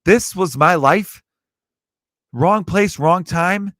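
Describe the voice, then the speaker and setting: A man's voice: high-pitched, slow, fairly bright tone, no room sound, studio quality, voice pushed up. A man voicing a desperate, wrongly jailed man who pleads his innocence in a raised, frantic voice. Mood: despairing.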